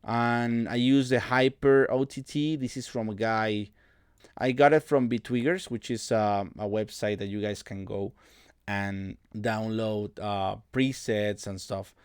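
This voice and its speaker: Relaxed low-voiced man explaining music production. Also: clear, resonant tone, no room sound, studio quality. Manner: relaxed, halting, many fillers and restarts. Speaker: music producer tutorial host. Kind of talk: casual screen-recorded production walkthrough.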